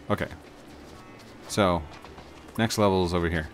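A man with a fairly low voice talks through a video game in a loose, rambling way, often poking fun at himself. Game music plays clearly behind him. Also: normal speed. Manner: rambling, self-deprecating. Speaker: gaming video host. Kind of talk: casual let's-play commentary.

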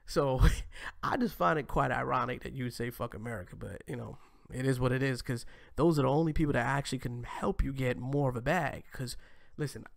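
A young man from the US East Coast hosting a casual livestream, talking in an animated, slangy way with laughing asides. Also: mid-range voice, brisk, gravelly, no echo, clean studio sound. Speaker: host.

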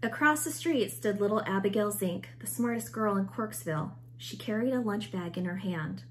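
A woman's voice: medium pitch, normal speed, a little hiss or hum. Woman teacher reading a storybook aloud. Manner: expressive storytelling. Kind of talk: reading a picture book aloud.

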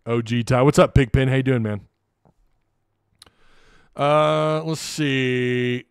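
A man's voice: medium pitch, steady tone, slow pace, vocal fry, long pauses, smooth, no echo, clean studio sound. A man hosting a live sports talk show, rambling casually and reading out viewer chat. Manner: rambling, chatty, lots of restarts. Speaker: host.

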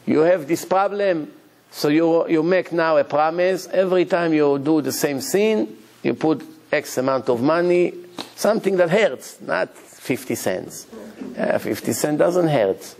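Man, rabbi lecturer; animated storyteller, gravelly. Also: a little high, measured pace. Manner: animated storytelling, nonnative English grammar.

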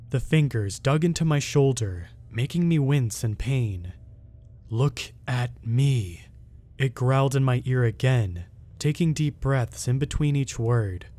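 A man reading a first-person horror story aloud as a scripted narration, in a slow, hushed storytelling manner. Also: mid-range voice.

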